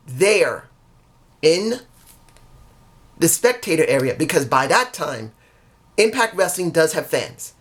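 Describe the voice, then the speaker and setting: A man's voice: fairly high pitch, a bit bright. A man vlogging casually as a wrestling fan, rambling earnestly and often correcting himself mid-sentence. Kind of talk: casual solo storytelling vlog.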